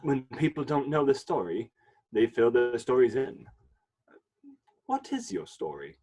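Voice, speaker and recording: Curious, husky companion. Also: male voice, medium pitch, big pitch swings, measured pace, mellow, full character voice. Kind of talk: audio drama acting.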